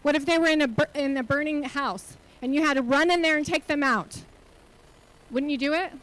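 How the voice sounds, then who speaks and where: A woman with a high-pitched voice delivers a motivational keynote into a stage microphone. She talks earnestly and keeps firing rhetorical questions at the audience. Her tone is that of a nonprofit leader urging listeners to commit. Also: fairly quick, fairly bright tone, low-quality recording. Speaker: keynote speaker and nonprofit CEO. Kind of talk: motivational conference talk. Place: conference hall stage.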